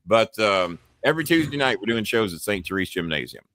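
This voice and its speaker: A man hosting a show, telling a profane, animated story and acting out the yelling voices. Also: lowish voice, brisk, no room sound, clean studio sound. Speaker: host. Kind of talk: casual storytelling chat.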